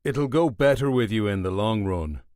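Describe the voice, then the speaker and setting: A man voicing a worried male police officer who talks in a low, coaxing way. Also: expressive, normal speed, darkish tone, no room sound, studio quality, lightly acted.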